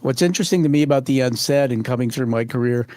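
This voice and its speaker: A man's voice: medium pitch, fast talker, dark tone, dry recording. Male interview host, conversational, dry recording. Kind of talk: interview hosting.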